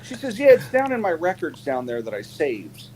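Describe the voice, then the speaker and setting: Animated man telling stories. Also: normal speed, poor audio. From United States. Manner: animated storyteller, many fillers, pitch jumps when quoting. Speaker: panelist. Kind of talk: casual live panel chat.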